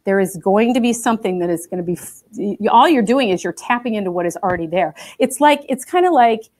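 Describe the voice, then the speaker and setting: A woman giving a spiritual talk to a group, telling a personal story in a chatty, animated way with many fillers. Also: medium pitch, fast talker. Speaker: guest speaker. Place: spiritual center gathering.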